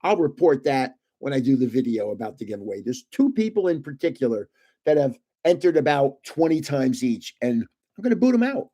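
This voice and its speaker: A man's voice: mid-range voice, sing-song, brisk, warm tone. An older man hosting his card collecting channel, chatting casually to viewers in a rambling, talkative way with many fillers and restarts.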